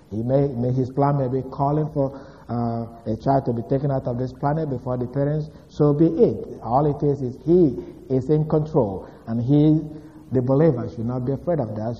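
A male preacher reviewing last week's lesson, pausing on fillers and then pressing hard on single words. His voice carries a long hall reverb, and the recording sounds dull and muffled. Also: medium pitch. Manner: deliberate, many "uh" fillers, rises to stress key words. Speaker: pastor. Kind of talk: sermon recap.

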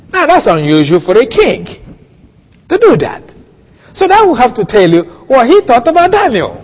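A man preaching a sermon, teaching slowly through a Bible passage with soft chuckles and questions to his listeners. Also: sits high, wildly swooping pitch, big-room sound.

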